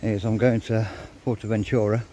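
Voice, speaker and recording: Older man, blunt, swearing, out of breath, mellow voice, faint outdoor noise. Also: on the low side, little pitch movement, moderate pace. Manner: blunt, swears freely, grumbling. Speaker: vlogger. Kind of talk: casual ranting monologue.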